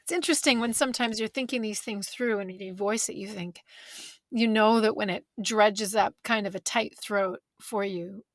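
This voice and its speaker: A woman's voice: medium pitch, normal speed, no room sound. A woman author speaking as a guest, thoughtful and candid, searching for words and close to tears. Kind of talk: reflective conversation. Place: bedroom closet.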